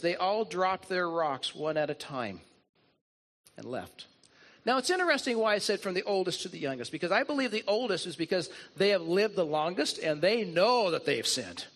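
A man's voice: sits high, sing-song, moderate pace, fairly bright tone. A man preaching a sermon as a pastor, retelling stories in an earnest way and leaning on repetition. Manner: earnest storytelling, leans on repetition.

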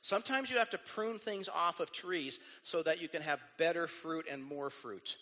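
A man preaching a sermon as pastor, lively and acting out the people he quotes. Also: fairly high pitch, moderate pace, long reverb tail. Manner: animated, acts out quoted voices.

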